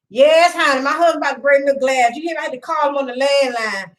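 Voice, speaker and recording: Woman host, high voice, rambling home live-stream chat, middle-aged, greets viewers. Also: quick pace, hardly any pauses, a bit bright, poor audio. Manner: rambling, chatty, greets viewers by name, laughs often. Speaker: livestream host.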